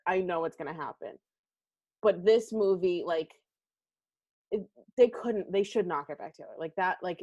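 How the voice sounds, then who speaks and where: A woman's voice: mid-range voice, dull audio. A young adult woman hosting a podcast, chatting casually and expressively about a movie, filling her talk with "like". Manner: chatty, heavy use of "like", expressive. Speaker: podcast host.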